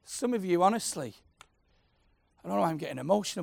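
A man preaching, passionate and personal, swinging from loud declarations to soft, intimate prayer. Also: high-pitched, expressive, fast, vocal fry, no echo, clean studio sound. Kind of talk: sermon.

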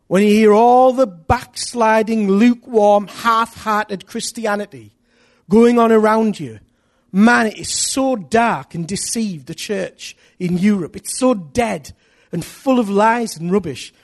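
Impassioned high-voiced male preacher. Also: a little slow. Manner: impassioned, swings from hushed to loud rallying questions. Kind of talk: sermon.

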